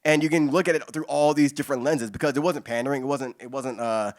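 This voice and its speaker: A man in his forties answers audience questions at a poetry reading in an excited rush. He keeps restarting his sentences and swears casually. His pitch sits in an ordinary middle range. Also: quick pace. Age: 40s. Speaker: guest poet at a reading.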